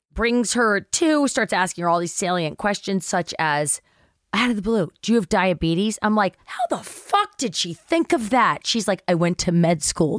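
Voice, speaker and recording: Woman, middle-aged, podcast guest, animated storyteller, acts out quotes, dry close mic. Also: mid-range voice, clear, resonant tone, no echo. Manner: animated storyteller acting out quotes, swears casually. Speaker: actress guest. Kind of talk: casual anecdote telling.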